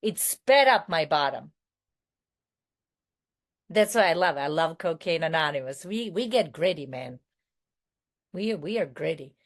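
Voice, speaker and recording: A woman's voice: deep voice, lively intonation, a little slow, long pauses. Candid woman with a non-American accent. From New York City. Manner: candid, rambling, self-correcting with fillers. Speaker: recovery meeting speaker. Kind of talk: personal recovery share.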